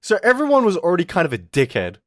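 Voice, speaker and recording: A man's voice: high-pitched, huge pitch swings, quick pace, a bit bright, no room sound, studio quality. A man streaming, telling a story in a casual, exasperated rant full of swearing and laughter. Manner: profane, exasperated, often laughing.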